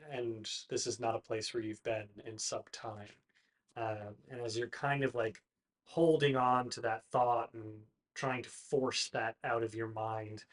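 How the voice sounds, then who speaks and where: Quiet, halting tabletop game master. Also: mid-range voice. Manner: hesitant, many fillers, quiet narration.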